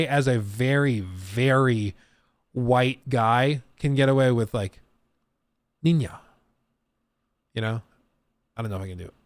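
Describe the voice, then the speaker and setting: Animated American man chatting on stream. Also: a little high, no echo, clean studio sound. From United States. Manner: animated, rambling, laughs often. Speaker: streamer host. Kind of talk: casual livestream chat.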